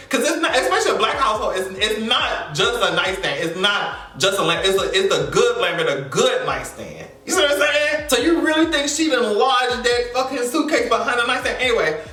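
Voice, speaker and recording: A man hosting a reaction channel, recapping an episode in a loud, profane, sassy way and acting out quotes. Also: high-pitched, lively intonation, a little fast. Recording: roomy, distant mic, faint music.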